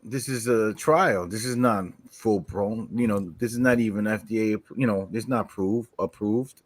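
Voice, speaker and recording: Wisecracking New co-host. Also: male voice, lowish voice, normal speed, no room sound. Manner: wisecracking, laid-back, swears. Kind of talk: casual chat.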